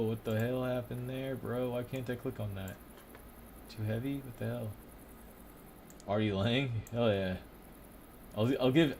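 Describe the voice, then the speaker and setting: A man's voice: fairly low pitch, slight background noise. Rambling, profane young man streaming. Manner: rambling, profane, laughing often. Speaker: streamer ranking comedians. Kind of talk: casual live-stream commentary.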